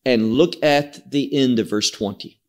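A man's voice: medium pitch, unhurried, a little mellow. A man teaching through a scripture passage in an expository sermon, explaining words emphatically. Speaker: Bible teacher.

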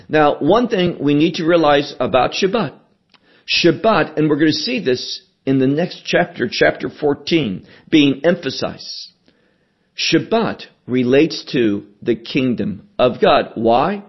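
A man preaching a sermon, slow and emphatic, repeating his key phrases as he teaches from scripture. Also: fairly high pitch, muffled recording. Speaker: pastor.

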